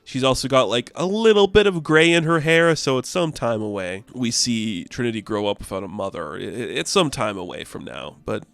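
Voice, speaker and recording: A man giving a casual comic book recap in a rambling way, full of "like" and quick asides. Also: medium pitch, animated, gravelly, fairly bright tone. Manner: rambling, filled with "like".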